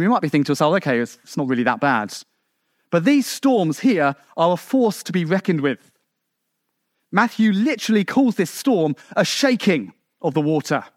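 An English preacher delivers his sermon in a bright, high voice that leaps and falls, climbing to emphatic peaks and sinking to quiet lows. He talks conversationally, full of asides and rhetorical questions. The sound is dry and close, with no room echo. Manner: animated, rising to emphatic peaks then dropping low.

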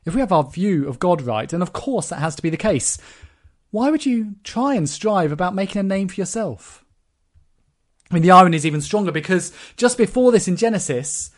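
A man preaching a sermon, explaining scripture with rhetorical questions. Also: sits high.

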